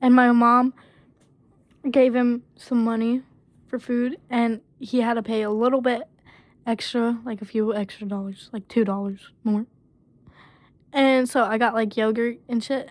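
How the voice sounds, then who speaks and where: A woman with a fairly high voice speaks in a flat, steady pitch, recorded dry. She's a storyteller vlogger casually recounting something personal, her delivery halting and packed with fillers like "basically" and "um."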